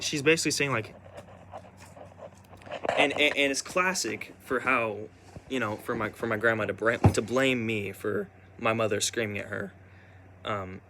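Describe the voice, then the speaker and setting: A young man telling a personal story in a rambling, halting way, full of restarts and fillers. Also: medium pitch, fairly even intonation, bright, forceful tone, slight background noise.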